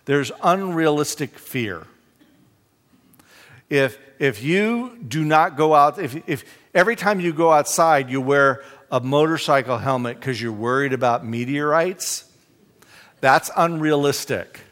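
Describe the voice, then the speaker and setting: A man's voice: a little high, animated, a little slow, fairly bright tone. A man teaching a Bible study in a conversational way, reading scripture aloud with emphasis. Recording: long reverb in a hall.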